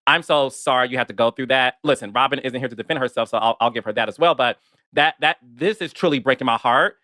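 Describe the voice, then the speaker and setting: Quick, bright-voiced male host, candid, dry close sound. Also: medium pitch, no echo. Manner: warm-hearted, candid, emotional. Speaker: interviewer, producer. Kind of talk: interview chat.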